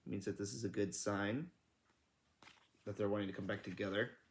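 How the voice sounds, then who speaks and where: A man's voice: lowish voice, steady tone, a little fast, slight background noise. A man reading a children's book aloud in a casual, self-correcting way, stopping to comment. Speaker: read-aloud narrator.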